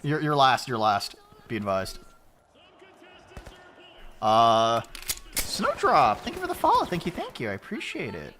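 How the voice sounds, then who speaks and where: A man's voice: mid-range voice, a little slow, pauses often, noisy background. A male streamer chatting casually and joking while playing a game with a friend. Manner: joking, excitable, swears. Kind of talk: casual gaming chat.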